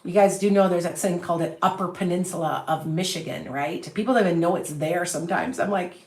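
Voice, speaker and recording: A woman's voice: on the low side, quick pace, darkish tone. A woman with a Chicago accent, a psychic medium talking casually on a livestream, chatty and self-assured, rambling from one thought to the next into a phone on a stand. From US Midwest. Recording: roomy echo.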